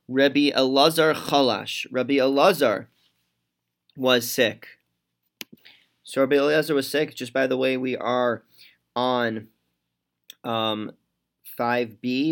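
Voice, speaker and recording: A man's voice: medium pitch, a bit bright. A man teaching a Talmud class, reading Aramaic lines aloud and then explaining them in plain, conversational English. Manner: conversational with fillers and restarts.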